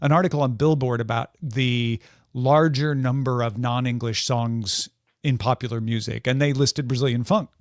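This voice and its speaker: A middle-aged man co-hosting a podcast, talking in a relaxed, rambling way with small chuckles. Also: medium pitch, normal speed, dry recording, studio quality. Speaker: podcast co-host. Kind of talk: casual chat.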